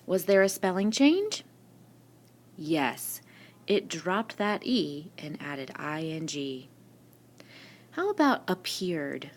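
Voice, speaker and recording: Woman teacher going over spelling real slow and patient, lower voice but lots of ups and downs. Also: very animated. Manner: slow, patient, asks and answers her own questions. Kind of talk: recorded spelling lesson. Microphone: screen-recording mic.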